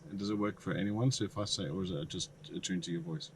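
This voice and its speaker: A man's voice: sits low, fairly even intonation, quick pace, background noise. Man, host, playful, curious questions, casual interview, inside a car.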